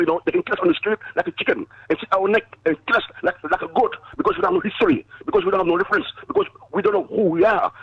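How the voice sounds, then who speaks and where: Fast-talking high-voiced man on a phone line. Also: slightly rough, no room sound. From Africa. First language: not English. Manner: forceful, repetitive, stammering. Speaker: caller. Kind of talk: passionate call-in speech.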